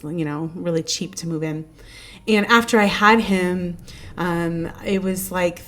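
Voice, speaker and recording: A woman in her thirties hosts a casual podcast chat, her voice sitting a little low. She tells personal stories in an earnest, emotional way, leaning on fillers as she goes. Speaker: podcast host.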